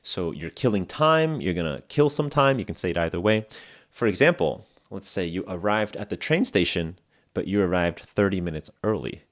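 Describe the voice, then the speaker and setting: A young man hosting an English lesson podcast, explaining phrases in a relaxed, chatty way with acted examples. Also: low-pitched, moderate pace. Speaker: English podcast host and teacher. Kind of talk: casual spoken English lesson.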